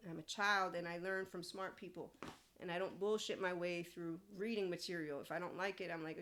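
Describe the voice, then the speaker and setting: The host of a spiritual self-help podcast reads out an AI's answer and gives her blunt, swear-filled take on it. Her voice is lowish and fairly bright, with fairly even intonation and a slightly quick pace.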